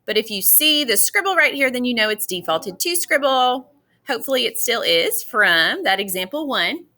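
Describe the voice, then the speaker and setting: Bright, lively woman teacher. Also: on the high side, normal speed. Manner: patient, encouraging, addresses students as boys and girls. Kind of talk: classroom math lesson walkthrough.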